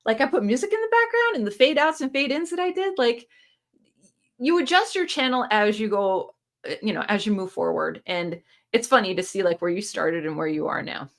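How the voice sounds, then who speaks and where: A woman's voice: fairly high pitch, expressive, fairly quick. Woman doing a casual live stream on her phone, reads out comments and answers them, upbeat coaching vibe. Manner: encouraging, coaching tone. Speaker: booktube channel host. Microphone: phone camera.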